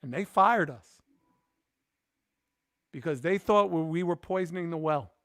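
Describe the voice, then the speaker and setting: Guy hosting a podcast, telling a story, does everyone's voices, bit high voice, dry close mic. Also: unhurried, dry recording. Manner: animated, acts out quoted voices. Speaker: podcast host. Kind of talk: casual storytelling chat.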